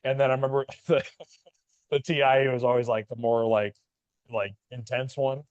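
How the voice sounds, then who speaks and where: A man's voice: medium pitch, flat delivery, moderate pace, a little mellow, dull audio. A man, a podcast co-host and Air Force veteran, telling a rambling story in casual chat with lots of fillers. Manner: rambling, many fillers and restarts.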